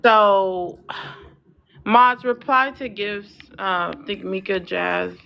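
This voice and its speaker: A woman hosts a live online panel, cutting in and steering the talk briskly. Her voice sits mid-range for a woman. The sound is dull and lo-fi. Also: mid-range voice, vocal fry, a little hiss or hum. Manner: brisk, interrupting moderator.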